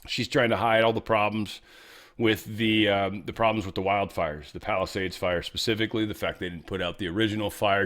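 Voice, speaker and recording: A man's voice: on the low side, fairly bright tone. A man hosting a show, giving casual news commentary in a sarcastic, profane, ranting way. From California. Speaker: show host.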